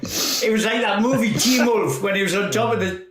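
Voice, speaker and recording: A man's voice: high voice, normal speed, echoey room, a loud crowd. A man, telling rambling stories as a guest, laughing and swearing freely. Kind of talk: casual storytelling chat.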